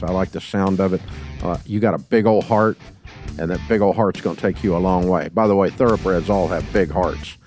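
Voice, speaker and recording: A man's voice: deep voice, darkish tone. A middle-aged man hosting a call-in business advice show, blunt and folksy with jokes. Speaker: podcast host. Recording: dry studio sound.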